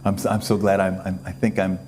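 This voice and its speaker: Deep-voiced, fast-talking man guest. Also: flat delivery, mellow, slight background noise. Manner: joking, talkative, says "uh" a lot. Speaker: talk show guest. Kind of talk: casual chat.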